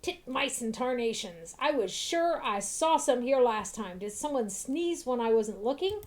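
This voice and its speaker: A man's voice: extremely high pitch, animated, a little slow. An actor playing a grumpy old man shopper in a video game, grumbling and cranky. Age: older.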